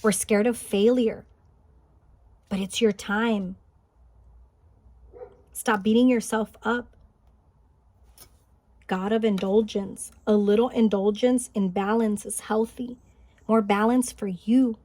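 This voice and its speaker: A woman giving a spiritual pick-a-card reading, gentle and encouraging, thinking aloud with small restarts. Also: mid-range voice, steady tone, slow pace, long pauses, no echo. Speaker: tarot card reader. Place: home, Highland Park, California.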